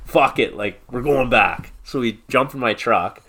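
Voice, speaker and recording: A man's voice: medium pitch, a little slow, pushed and bright, breathy edge. A man in his thirties, a podcast guest, telling a long rambling story in casual chat and swearing freely. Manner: rambling, heavy swearing, laughs through the story.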